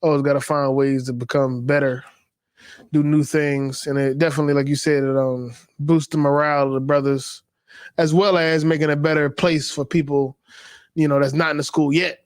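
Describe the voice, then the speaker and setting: A man's voice: a little high, little pitch movement, moderate pace, no echo. A man co-hosting a casual live podcast, talking in an earnest, reflective way. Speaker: podcast co-host.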